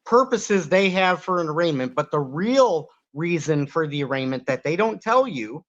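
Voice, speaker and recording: A man's voice: fairly high pitch, lively intonation, normal speed, fairly bright tone. A man arguing as a guest on an online panel, insisting on his point and talking over the others. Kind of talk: heated online panel debate. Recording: dull lo-fi call audio.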